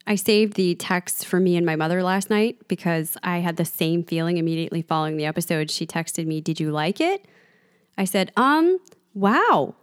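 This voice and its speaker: A woman's voice: on the low side, steady tone, a little fast, clear, resonant tone, no room sound, clean studio sound. A woman co-hosting a podcast in casual, chatty talk. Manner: chatty, laughs often. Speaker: podcast co-host. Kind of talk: casual chat.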